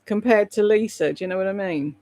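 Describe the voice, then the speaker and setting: A woman's voice: medium pitch, a little fast, a little mellow, no room sound. A British woman chatting casually on a live stream, rambling between topics and reading out viewer comments. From Britain. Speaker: live streamer and voice-over artist.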